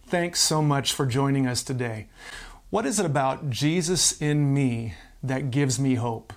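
A man's voice: mid-range voice, a little slow. A male pastor giving a podcast sermon, explaining and reading scripture in an earnest way.

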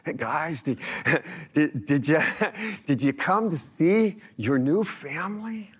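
A male pastor preaching a lively, conversational sermon, asking the congregation question after question. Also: fairly high pitch, slow, slightly rough.

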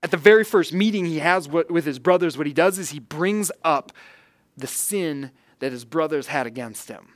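A man preaching a sermon, earnest, rising loud on key points and dropping soft for quiet emphasis. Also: on the high side, animated, normal speed, no room sound. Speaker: pastor.

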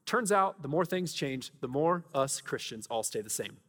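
A man preaching a conversational sermon, asking his listeners rhetorical questions and moving between lively storytelling and quiet scripture reading. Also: mid-range voice, moderate pace, breathy edge, big-room sound. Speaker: pastor.

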